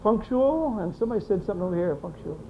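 Brisk teacher repeating answers in class. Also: mid-range voice, expressive, a little hiss or hum. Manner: brisk, encouraging, repeats students' answers aloud. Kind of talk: leading a classroom discussion. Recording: dull lo-fi classroom recording.

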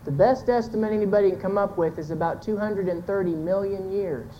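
Speaking fairly quickly at a medium pitch, this woman gives an earnest, folksy sermon-style talk to a church congregation, pointing to a chart and fixing her own slips as she goes. The recording has its highs cut off and a little hiss or hum.

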